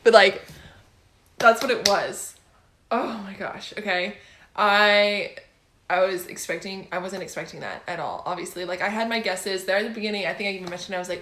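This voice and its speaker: Excitable woman gushing in an echoey room. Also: medium pitch, fairly quick. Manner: gushing and excitable, breaks into laughter. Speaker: book vlogger. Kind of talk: casual book review chat.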